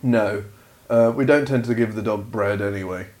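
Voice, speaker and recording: A man's voice: lowish voice, moderate pace, darkish tone. A man co-hosting a podcast in casual chat, dry and blunt, swearing offhandedly. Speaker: podcast co-host.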